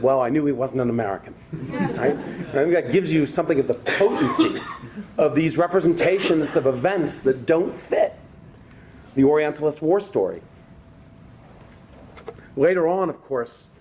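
A man's voice: medium pitch, darkish tone, a little hiss or hum. A man giving a university lecture, reading a prepared text and breaking off with conversational asides to the audience. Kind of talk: academic public lecture.

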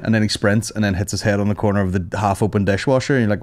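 A man's voice: lowish voice, very fast. Crude joking man. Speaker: podcast host. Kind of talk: casual chat.

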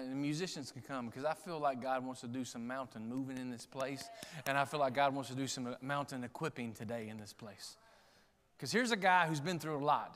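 A man preaching a sermon as pastor, passionate, moving between quiet conversational asides and shouted climaxes. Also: mid-range voice. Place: large church sanctuary. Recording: long hall reverb in a church sanctuary.

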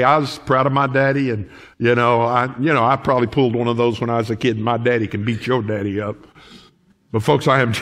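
A middle-aged man, preaching a folksy sermon as pastor of his church. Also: fairly high pitch. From United States. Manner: lively, folksy preaching with laughs and quoted asides. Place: church sanctuary.

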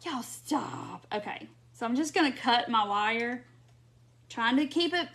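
Her voice is a little high, a bit bright and expressive, and she talks a little slowly. She's hosting a casual craft livestream over a phone or webcam, giggly and laughing often with her viewers.

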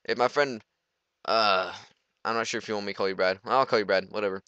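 A man's voice: lowish voice, steady tone, quick pace, pushed and bright, clean tone, no room sound, highs cut off. A teenage boy giving rambling, goofy let's play commentary, talking to himself as he plays. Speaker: gamer.

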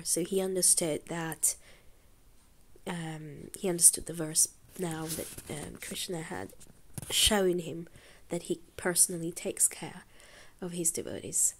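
A woman telling a devotional story in a halting way, with many pauses and restarts. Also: lowish voice, slight background noise. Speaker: devotional speaker.

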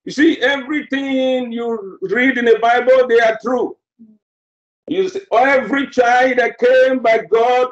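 A man's voice: very high-pitched, a little slow. A male preacher delivering a sermon, emphatic and repeating phrases for effect. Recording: roomy, dull lo-fi sermon recording.

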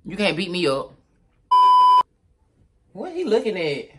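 Speaking at a measured pace in a voice that sits high, a man on his vlog recounts a story in casual slang. He repeats phrases and animatedly performs the dialogue of the people involved.

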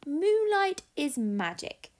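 A woman voicing a calm, gentle big black cat who coaxes softly. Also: high voice, takes it slowly, voice pushed up, heavily acted. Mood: coaxing. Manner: soft, coaxing and dreamy.

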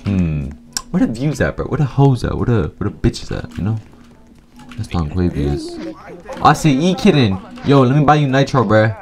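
A man commenting on his own gameplay in a loose, rowdy stream of slang and curses. His pitch swings widely as he jokes, taunts and reacts. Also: very animated, moderate pace, over music. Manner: rowdy, profane trash talk with slang. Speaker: gaming YouTuber.

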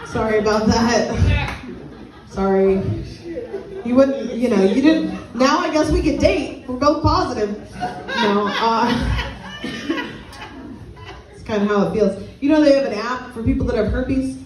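Brief: young female stand-up comic, crude and deadpan, fairly high voice, echoey club, audience laughing. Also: slow, long pauses, background noise. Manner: blunt, crude, deadpan delivery. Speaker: stand-up comedian. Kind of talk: stand-up comedy set with crowd work. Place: small comedy venue with a live audience. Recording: echoey room, mic at a distance, audience laughter. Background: crowd laughing.

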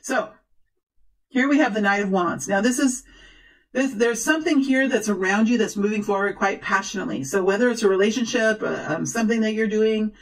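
A woman talks through a tarot spread in a loose, conversational way. She fills pauses with ums and often starts over mid-sentence. Her tone stays encouraging toward the listener. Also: medium pitch, rough recording. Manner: chatty and rambling, many fillers and restarts, encouraging. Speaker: tarot reader. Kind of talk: casual tarot reading to camera.

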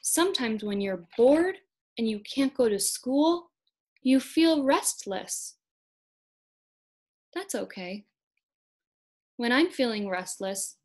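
A young woman in her twenties leads a read-aloud lesson for small children. She talks slowly and gently in a slightly high voice. She keeps coaxing the kids to join in. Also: lively intonation. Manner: slow, gentle, encouraging, speaks to young children. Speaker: speech-language pathology student teacher.

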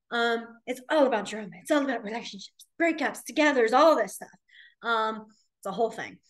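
A young woman teaching a beginners' sign class in a library room. Her voice sits slightly high, and she talks in a chatty, storytelling way, full of ums and little laughs. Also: a bit bright. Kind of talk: casual class teaching with stories.

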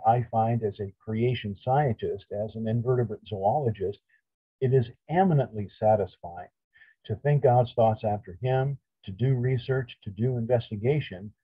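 A man's voice: fairly low pitch, moderate pace, slightly rough, no echo. A middle-aged man lecturing a church audience, emphatic, asking questions and answering them himself. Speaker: creation science speaker. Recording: tinny phone-like audio.

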